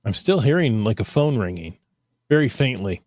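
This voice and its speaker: A man's voice: mid-range voice, sing-song, moderate pace, a little mellow, dry recording. Guy cohosting a chill podcast, rambly, dry mic, laughs a lot. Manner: chatty, laughs easily, loose restarts. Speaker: podcast host. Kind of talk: casual podcast chat.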